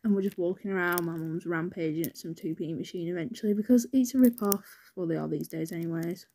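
A woman's voice: lowish voice, quick pace, warm tone. A young woman with a British accent, telling a personal story in a rambling, chatty way, swearing freely and saying "anyways" a lot. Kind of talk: casual storytime narration.

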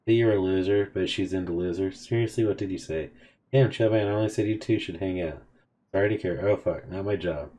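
A man's voice: low voice, fairly quick, warm tone. A man hosting a game video, casually reading out a chat of text messages between characters. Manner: casual, offhand reading of both sides of a chat. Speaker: gaming video host.

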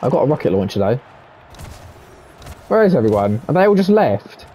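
A hoarse man talking through his gameplay in his room, jumping from low muttering to high, shouted panic and cackling. He brags, swears freely and reacts loudly to every moment. His pitch is mid-range for a man but swings widely, with a faint hiss behind him. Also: normal speed. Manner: excitable, boastful, swears a lot, shouts and cackles in tense moments. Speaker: gaming video creator. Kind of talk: live gameplay commentary.

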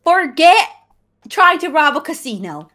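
Excitable woman co-playing a game, high and lively voice, snaps out commands. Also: measured pace. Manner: excitable, shrieks and bossy calls. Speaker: gaming co-host. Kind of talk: casual game commentary.

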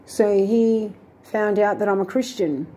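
A woman with a medium-pitched, warm voice talks a little slowly in a vlog. She tells a long, rambling personal story in an aggrieved, indignant tone, full of fillers and restarts.

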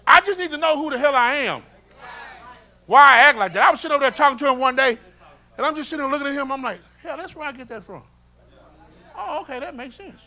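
A male pastor, preaching a sermon and moving from shouts and call-and-response to quiet, close talk. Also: very high-pitched, expressive, quick pace, long pauses. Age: 50s. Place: church sanctuary with congregation.

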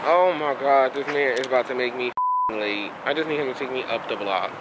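A man's voice: mid-range voice, brisk. A man vlogging while on the move, exclaiming and ranting in sassy slang into a handheld camera. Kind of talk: casual vlog chat. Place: streets and a train around Long Island and the city. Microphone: handheld phone or camera. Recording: noisy outdoor phone recording.

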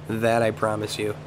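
Man, lowish voice, casual gameplay commentary, rambling self-talk, noisy home recording. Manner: rambling, self-talking while playing. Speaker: gaming channel host.

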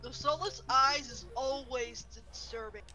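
A woman's voice: high voice, measured pace, bright, forceful tone, soft background music, low-quality recording. A woman chatting casually with friends about a game, laughing easily. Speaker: co-commentator. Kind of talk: casual group chat.

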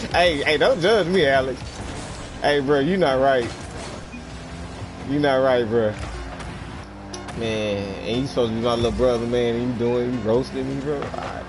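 A man's voice: medium pitch, steady tone, moderate pace, pauses often, music in the background. A man streaming a game, griping about teammates in casual, joking banter with his younger brother. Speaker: gaming streamer. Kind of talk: casual commentary while playing a game. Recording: game sounds and noise behind.

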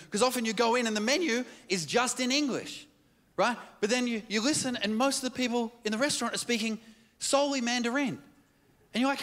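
A man, performing a stand-up comedy set with animated storytelling and quick jumps into quoted voices. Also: very high-pitched. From Australia. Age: 30s. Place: large comedy theatre stage. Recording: live hall with audience noise.

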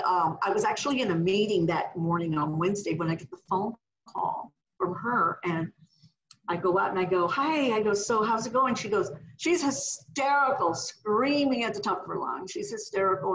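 A middle-aged woman minister, a podcast guest, telling a healing testimony in an animated way and acting out the voices she quotes. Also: medium pitch, moderate pace, low-quality recording. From California.

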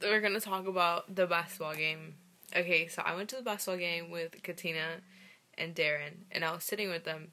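A woman's voice: on the low side, fairly even intonation, brisk, bright, forceful tone. A teenage girl vlogging casually, giggly and gossipy, filling her talk with "literally" and "like.". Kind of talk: casual vlog chat. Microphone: phone camera. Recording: noisy phone video.

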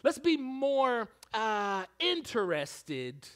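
Bright, high-voiced pastor preaching. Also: male voice, extremely slow. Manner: animated preaching, swings from hushed to shouting. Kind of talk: sermon.

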